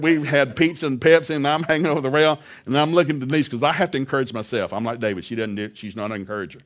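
A middle-aged male preacher telling a humorous story in a sermon, animated, laughing often and acting out the voices of people he quotes. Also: on the high side.

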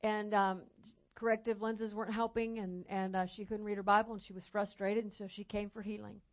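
A woman evangelist preaching a sermon emphatically, slowing down and rising in volume on key phrases. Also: mid-range voice, level tone. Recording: dull lo-fi sound.

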